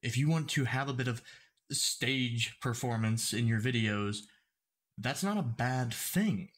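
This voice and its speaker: A man narrating commentary in a mid-pitched voice, spelling out his points patiently. He keeps his diction careful and clear so every word lands. The delivery is conversational and explanatory. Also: fairly bright tone. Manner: explanatory, deliberately clear speech. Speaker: YouTube commentator.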